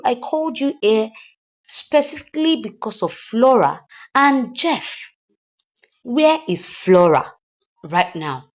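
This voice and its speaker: A woman voicing a furious rich woman who orders a killing, loud and repeating her demands. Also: sits high, muffled recording, pitched above the performer's own voice, exaggerated voice.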